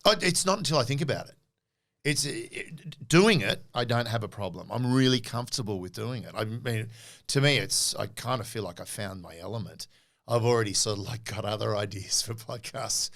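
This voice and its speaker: A man's voice: fairly low pitch, normal speed. An Australian man in his forties, a podcast co-host telling stories in an interview and acting out what people said. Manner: animated storyteller, acts out quotes. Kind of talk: casual interview storytelling.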